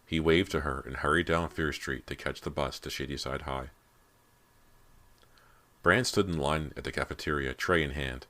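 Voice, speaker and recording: A man reading a teen horror novel as audiobook narrator, in a steady, measured way. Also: a bass voice. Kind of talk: scripted narration.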